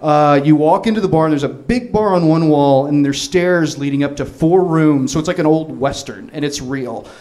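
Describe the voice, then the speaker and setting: A man in his thirties telling a long comic story, rambling and excitable, laughing through his words with many restarts. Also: on the high side, moderate pace, few pauses.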